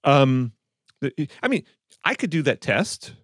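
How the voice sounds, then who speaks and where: A man's voice: medium pitch, big pitch swings, unhurried, a bit bright, dry recording, studio quality. A man co-hosting an audio podcast, casually and skeptically picking apart claims, rambling with restarts. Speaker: podcast co-host, audio reviewer. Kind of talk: casual chat.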